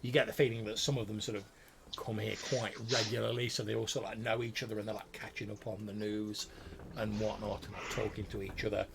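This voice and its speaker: A man's voice: on the low side, level tone, fast, gravelly, background noise. A man running a tabletop game as game master, narrating in a loose, rambling way with many fillers.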